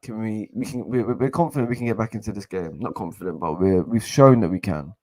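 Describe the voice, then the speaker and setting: A young man giving casual live match commentary as a fan co-host, excitable and exasperated, with frequent restarts. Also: lowish voice, brisk. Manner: excitable and exasperated, swears, repeats and restarts phrases.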